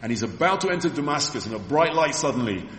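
A man's voice: medium pitch, sing-song, quick pace, fairly bright tone. A man preaching a sermon to a congregation in a church, retelling scripture scenes as vivid stories and speaking directly to his listeners. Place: church hall. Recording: echoey hall reverb.

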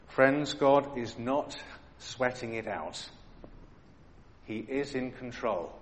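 A man preaching a sermon in a church hall, earnest and dramatic, full of rhetorical questions. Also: medium pitch.

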